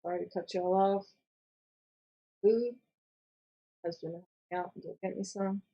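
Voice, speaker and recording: A woman co-hosting a casual podcast while ill with a sore throat, speaking quietly and reading viewer comments. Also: mid-range voice, fairly even intonation, measured pace, husky, muffled recording. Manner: quiet, subdued. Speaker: podcast co-host.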